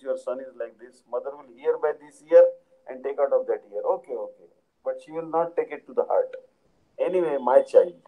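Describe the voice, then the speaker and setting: A man's voice: medium pitch, phone-quality sound. A man giving a devotional lecture, explaining patiently and often checking in with "Understand?". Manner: repeatedly asks "Understand?" to listeners; unhurried, explanatory, with frequent fillers. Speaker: spiritual teacher.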